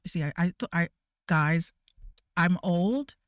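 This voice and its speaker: A woman's voice: lowish voice, expressive, slow, no room sound, clean studio sound. A woman VTuber ranting casually to her viewers, profane and rambling, with stammering restarts. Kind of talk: casual rant.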